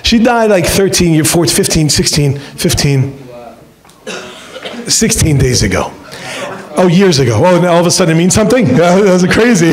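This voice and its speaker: Animated, joking rabbi at a lecture. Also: male voice, normal speed. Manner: joking, storytelling, acts out quotes with big pitch swings. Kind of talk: animated seminar talk to young students. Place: lecture room with an audience.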